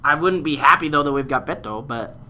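A man's voice: a little high, a little fast, bright, forceful tone. A young man on his first episode as podcast co-host, giving opinions with joking banter. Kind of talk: casual political chat.

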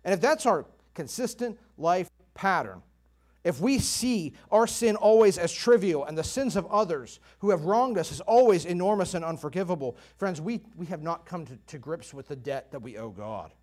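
A man's voice: high voice, expressive, normal speed, darkish tone. A man preaching a sermon in an earnest, emphatic way, pressing hard on his key points. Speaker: pastor.

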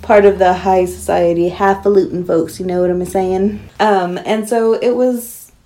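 A woman co-hosting a casual podcast, talking in a playful, joking way with quick laughs. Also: mid-range voice, steady tone, dark tone. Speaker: podcast co-host.

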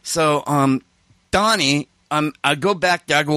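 A man, an interview guest, telling casual anecdotes in an animated way and acting out the voices of the people in them. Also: a little high, a little slow, no room sound. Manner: animated, acts out every voice in his anecdotes. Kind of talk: casual storytelling.

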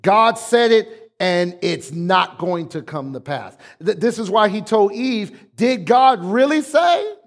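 Man, pastor, high voice, emphatic sermon, call-and-response.

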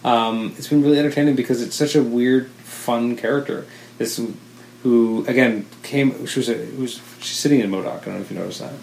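A man co-hosting a relaxed chat who rambles and corrects himself as he goes. He is enthusiastic. His voice sits at a middle pitch, and the room gives it a roomy echo over faint background ambience. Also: brisk, creaky, slight background noise. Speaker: podcast co-host. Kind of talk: casual chat.

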